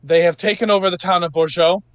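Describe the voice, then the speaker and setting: A man's voice: high-pitched, steady tone, quick pace, fairly bright tone, smooth, no room sound, voice pushed up. A man voicing a defiant young woman knight. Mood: rousing. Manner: rousing speech, raised proclaiming voice.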